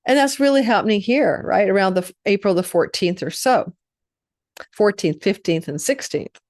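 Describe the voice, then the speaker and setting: A woman's voice: mid-range voice, animated, moderate pace, darkish tone, no room sound, clean studio sound. A woman astrologer giving a casual monthly horoscope forecast, chatty and rambling, often correcting herself mid-sentence.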